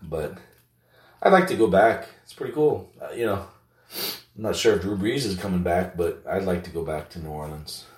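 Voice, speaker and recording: A man's voice: low voice, lively intonation, moderate pace. A man hosting a casual comedic show, rambling with lots of fillers and heavy swearing. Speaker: show host. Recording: roomy echo, distant mic.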